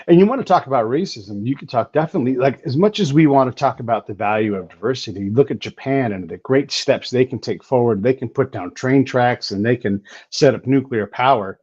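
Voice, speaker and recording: A man hosting a casual conversation, telling stories emphatically and talking in quick bursts. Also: medium pitch, darkish tone, husky, no room sound. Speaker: podcast host. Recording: dull lo-fi recording.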